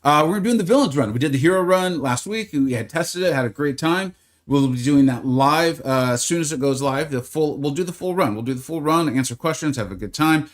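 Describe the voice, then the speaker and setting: A man's voice: a little high, lively intonation, fairly quick. A man streaming a game live, chatting casually and greeting viewers by name in a rambling, friendly way. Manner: rambling, with many fillers.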